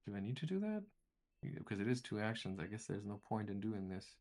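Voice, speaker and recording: A man's voice: on the low side, big pitch swings, brisk, a little mellow. A man running a tabletop game as game master, narrating turns and thinking aloud. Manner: thinking aloud, rambling with restarts.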